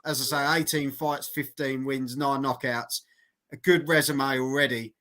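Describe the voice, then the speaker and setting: A man's voice: medium pitch, steady tone, normal speed, a bit bright. A man hosting a casual interview, friendly and encouraging, often calling his guest mate. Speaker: interviewer, host.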